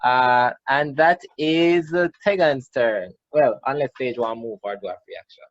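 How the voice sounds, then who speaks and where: A man's voice: medium pitch, moderate pace, no echo, lo-fi sound. A man with a Jamaican accent, the game master, explaining rules and describing outcomes. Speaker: dungeon master. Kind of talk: running a tabletop game.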